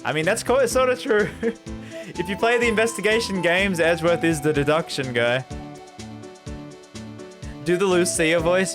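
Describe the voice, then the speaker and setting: A young man streaming a game, chatting casually and excitedly with many fillers and laughs as he reads the game text aloud. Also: high-pitched, normal speed, long pauses. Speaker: gaming streamer. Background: game music.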